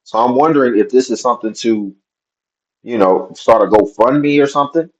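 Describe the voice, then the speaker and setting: A man's voice: mid-range voice, normal speed, poor audio. A man commenting on a video clip, skeptical and questioning, with a wry edge. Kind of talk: reaction commentary.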